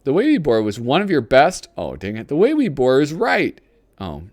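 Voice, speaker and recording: A man's voice: medium pitch, wildly swooping pitch, normal speed, darkish tone, dry recording, studio quality. A man hosting a show, giving casual, rambling commentary as he pages through a magazine and reads bits aloud, often poking fun at himself. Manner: rambling and self-deprecating, reads lines aloud. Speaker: host.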